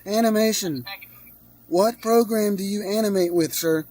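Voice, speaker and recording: A man's voice: high-pitched, unhurried, a little mellow, low-quality recording. A male livestreamer in a heated online debate, aggressive and profane, hammering the same demand over and over.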